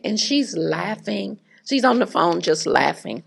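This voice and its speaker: Middle-aged woman, raspy gravelly voice, low-ish pitch, chatty lecturer. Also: animated, a little slow. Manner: chatty and humorous, addresses audience directly. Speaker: faculty speaker. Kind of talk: conversational lecture with anecdote.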